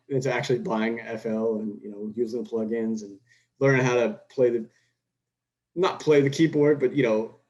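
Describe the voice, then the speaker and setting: Guesting on a podcast, a young man from Houston, Texas rambles through casual stories, restarting often and quoting dialogue as he acts it out. His voice is middle-pitched and a little mellow, and the audio is poor.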